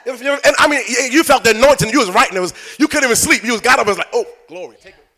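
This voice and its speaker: A high-pitched man with a bright, forceful tone preaches a sermon in church. He swings from chatty, laughing storytelling aimed at the congregation into loud, fervent preaching. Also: racing. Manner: conversational storytelling building to shouted preaching. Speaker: bishop preaching.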